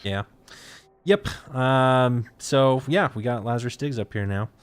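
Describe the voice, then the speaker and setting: A man's voice: medium pitch, measured pace, clear, resonant tone. A man hosting a casual esports talk show, laid-back, with many uh and um fillers as he talks. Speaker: host.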